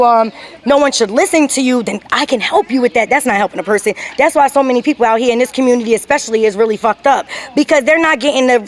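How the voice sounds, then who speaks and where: A middle-aged woman filming a personal vlog on her phone, upset and talking in an emphatic, rambling, aggrieved way. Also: sits high. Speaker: vlogger filming her own channel.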